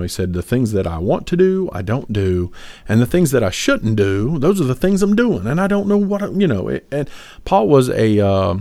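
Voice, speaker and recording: A man's voice: fairly low pitch, creaky, dark tone, no room sound. A man co-hosting a podcast, talking about faith in an earnest, rambling way with many fillers and restarts. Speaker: podcast co-host. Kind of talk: casual faith discussion.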